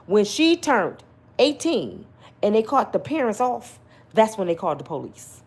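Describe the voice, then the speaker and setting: A woman's voice: medium pitch, big pitch swings, moderate pace, darkish tone, slightly rough. A woman giving an emphatic, slangy opinion rant to her viewers, full of rhetorical questions. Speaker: commentary vlogger.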